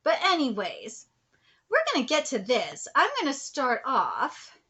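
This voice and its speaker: A woman's voice: sits high, wildly swooping pitch, a little slow, bright, forceful tone. A woman vlogger ranting in a commentary video, blunt and profane, hammering points with repetition. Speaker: anime vlogger.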